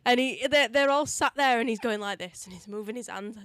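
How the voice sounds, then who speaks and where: A woman's voice: a little high, a bit bright, no room sound. Chatty, teasing woman co-host. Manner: chatty storyteller, quick to tease, frequent yeahs. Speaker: podcast co-host. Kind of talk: casual film chat.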